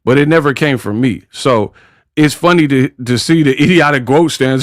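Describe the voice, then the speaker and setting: A man's voice: mid-range voice, moderate pace, dry recording. Brash, trash-talking man on a dry mic. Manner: brash, slangy trash talk. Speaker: boxing commentary channel host. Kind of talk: casual commentary vlog.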